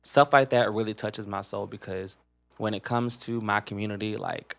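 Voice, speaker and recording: A young man co-hosting a casual podcast, talking in sassy, dramatic rants that flare up loud. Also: fairly low pitch, fairly even intonation, normal speed, creaky. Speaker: podcast co-host.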